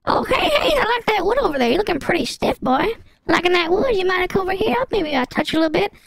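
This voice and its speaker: Leering high-voiced flirt, put on by a man, quick and crackly. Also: expressive, gravelly, a bit bright, dry recording, heavily acted. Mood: flirty. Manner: leering, teasing come-ons.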